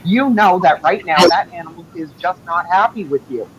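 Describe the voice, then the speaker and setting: Man, guest, casual chat, calm advice, high-pitched, dull lo-fi sound, faint hiss. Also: normal speed.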